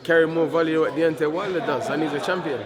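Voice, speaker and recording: Brash heavyweight fighter, defiant and repetitive, raised pitch over crowd chatter. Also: male voice, steady tone, fast. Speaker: professional heavyweight boxer. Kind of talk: casual press interview.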